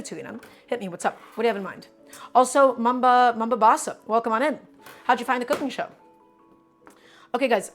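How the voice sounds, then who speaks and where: A woman hosting a live cooking stream from her home kitchen, chatting enthusiastically with viewers as she chops vegetables. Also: fairly high pitch. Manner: enthusiastic, repetitive, addresses viewers as friends.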